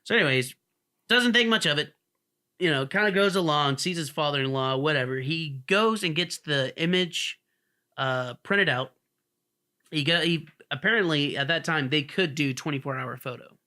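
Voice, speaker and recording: Man, podcast co-host, rambling storyteller, bright tense voice, a bit high. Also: normal speed. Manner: rambling storyteller who acts out the people in his story. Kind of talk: casual storytelling chat.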